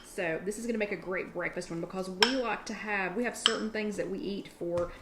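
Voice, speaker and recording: A woman's voice: medium pitch, fairly quick, very noisy. Chatty woman hosting a kitchen chat. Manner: chatty, restarts sentences, eats while talking. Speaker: online workshop host. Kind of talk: casual live cooking chat. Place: home kitchen.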